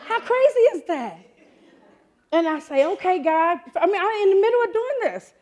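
A woman in her fifties preaching a sermon in an animated, excitable way, often laughing and jumping up in pitch. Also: normal speed. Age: 50s.

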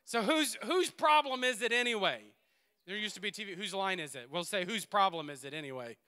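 A man preaching a sermon in a church, swinging between loud exhortation and quiet asides and laughing often. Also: sits high, expressive, a little fast, clear, resonant tone. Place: church sanctuary.

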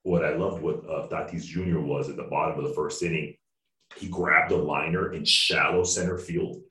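Very deep-voiced man in echoey room. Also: steady tone, normal speed, sharp tone. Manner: rambling, jokey, restarts often. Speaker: podcast co-host. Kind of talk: casual podcast chat. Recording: echoey room, distant mic.

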